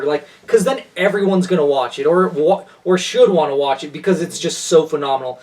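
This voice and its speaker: A man's voice: a little high, moderate pace, hardly any pauses, a little mellow, recorded from a distance. A man co-hosting a casual podcast chat, gushing with enthusiasm and rambling through restarts. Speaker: podcast co-host.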